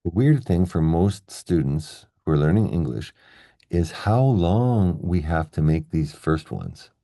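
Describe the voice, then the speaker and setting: A deep-voiced man with a gravelly edge teaches an English lesson, walking through each point step by step and checking in with the viewer. His tone is dark and mellow, and the sound is dry and close. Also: expressive, unhurried, dry recording. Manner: explains step by step, checks in with "okay?" and "right?". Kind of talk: classroom-style video lesson.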